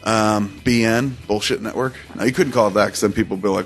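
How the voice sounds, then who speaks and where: A man co-hosting a podcast, riffing in casual comedic banter with a deadpan storytelling manner. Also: on the low side, quick pace, faint music behind. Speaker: podcast co-host.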